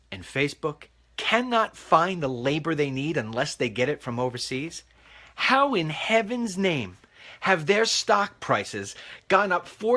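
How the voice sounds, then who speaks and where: A man's voice: high-pitched, bright, forceful tone. A middle-aged man hosting a talk show, speaking emphatically and repeating himself while out on a walk. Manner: emphatic, repetitive, preachy. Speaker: host. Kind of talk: walking talk commentary. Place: outdoors walking.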